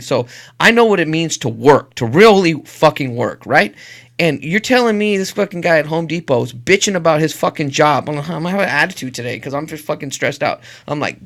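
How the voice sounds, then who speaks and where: A man's voice: fairly high pitch, a bit bright. A middle-aged man co-hosting a podcast, telling stories in casual, profane, emphatic chat. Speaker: podcast co-host.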